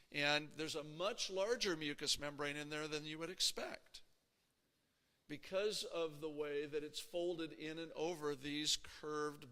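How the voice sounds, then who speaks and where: Male lecturer, a bit high in pitch with some fry, casual teaching tone, echoing hall. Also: sharp tone. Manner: conversational, checks in with frequent "okay?" and "right?". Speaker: anatomy lecturer. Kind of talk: classroom lecture.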